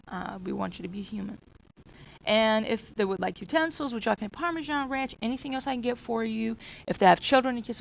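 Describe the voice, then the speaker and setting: Woman, workplace trainer, mid-pitch voice with vocal fry, repetitive coaching delivery. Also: rough recording. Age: adult with children. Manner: repetitive, acts out customer exchanges. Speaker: restaurant staff trainer.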